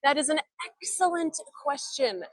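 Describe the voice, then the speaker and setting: Strolling outdoors along an old town street, a young woman hosts a live walking tour on her handheld phone, bubbly and talkative while reading viewer comments aloud. Her voice is high and expressive at a moderate pace. The recording is rough, with no room sound.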